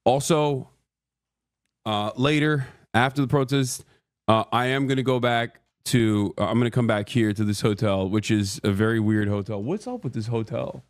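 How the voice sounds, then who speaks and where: A man's voice: medium pitch, normal speed. A tired man streaming live from a hotel room, chatting casually and rambling with joking banter. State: tired from little sleep. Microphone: streaming mic.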